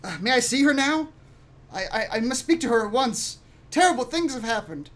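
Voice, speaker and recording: A man doing a nervous young nobleman, stammering, anxious, raised pitch. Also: lively intonation, fairly quick, a bit bright.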